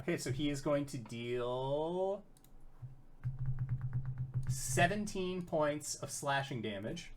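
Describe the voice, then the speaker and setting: Slow, casual tabletop game master. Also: mid-range voice, expressive, slight background noise. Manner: casual, loose, with frequent fillers and mild swearing.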